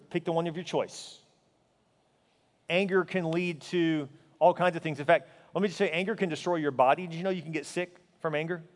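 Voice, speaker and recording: A pastor preaching a sermon, his voice riding high for a man, earnest and emphatic. He drops at times to a hushed intensity. The sound rings with the long reverb of a big sanctuary.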